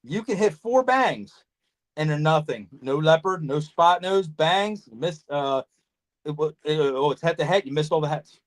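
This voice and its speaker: A man hosting a casual podcast chat, telling animated stories, swearing freely and acting out conversations. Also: on the high side, measured pace. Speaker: podcast host, snake breeder.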